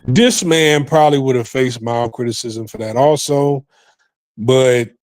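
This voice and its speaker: A man's voice: medium pitch, measured pace, darkish tone, no echo. A man hosting a podcast, giving rambling, profane casual commentary and repeating himself often. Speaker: podcast host.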